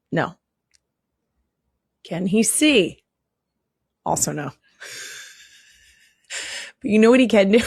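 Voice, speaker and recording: Young female podcast host, gushy and cooing, middle pitch, dry close mic. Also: vocal fry, no room sound. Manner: gushing, coos at animals in soft whispers. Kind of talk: casual chat. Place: indoor studio.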